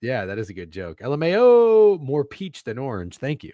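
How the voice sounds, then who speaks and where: A man's voice: mid-range voice, wildly swooping pitch, normal speed, no room sound, phone-quality sound. A young man co-hosting a casual sports betting show over a video call, joking and swearing while fussing with his camera. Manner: profane, joking, flustered by camera trouble. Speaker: podcast co-host.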